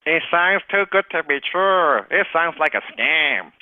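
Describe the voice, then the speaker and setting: A man's voice: on the high side, animated, measured pace, no echo, voice pushed up. A man doing a whiny, doubtful sales prospect. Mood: whining. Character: whiny male sales prospect raising objections. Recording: tinny phone-like call audio.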